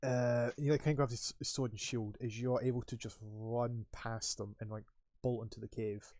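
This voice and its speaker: A man's voice: medium pitch, level tone, moderate pace, a little mellow, no echo, studio quality. A young man narrating a tabletop game as game master, rambling with many fillers. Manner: rambling, loose, full of fillers.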